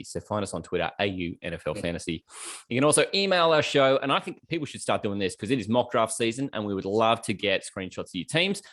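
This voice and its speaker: A man's voice: lowish voice, a bit bright. An Australian man hosting a podcast, chatting casually through the show intro and sometimes correcting himself. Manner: chatty, rambling, self-correcting. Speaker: podcast host.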